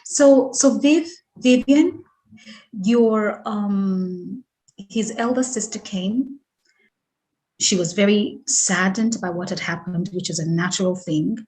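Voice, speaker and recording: A woman's voice: medium pitch, a little mellow, poor audio. A woman host recapping the story and asking her guest questions. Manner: slow, recapping before asking. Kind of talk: interview questions.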